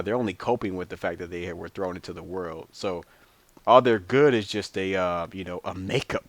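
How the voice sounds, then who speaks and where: A man's voice: on the low side, a bit bright, dry recording. A man talking to camera in a casual, rambling monologue, blunt and profane, chuckling between his points. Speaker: vlogger.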